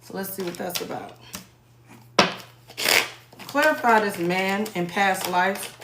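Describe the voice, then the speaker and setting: A woman from New York in her thirties or forties gives a loose, conversational tarot reading, circling back and repeating herself. Her voice sits at a middling pitch. The recording is roomy and echoey, with steady background noise. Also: takes it slowly. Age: 30s to 40s. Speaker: tarot reader.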